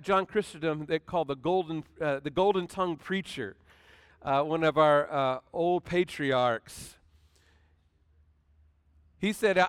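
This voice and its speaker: High-voiced pastor preaching conversationally. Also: male voice, fairly bright tone, clear, resonant tone, dry recording. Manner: conversational preaching with frequent restarts and dramatic recitation. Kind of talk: sermon.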